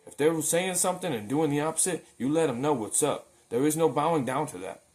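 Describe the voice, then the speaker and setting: With a slightly high, darkish voice and lively intonation, a man speaks briskly in a daily faith video. He preaches earnestly yet informally and conversationally, frequently repeating words as he restarts what he's saying.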